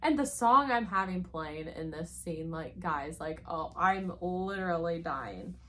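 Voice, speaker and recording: A woman's voice: on the low side, lively intonation, a little slow, bright, forceful tone, slight background noise. A woman reviewing a book she loves in a casual chat, gushing and rambling with plenty of "like" fillers.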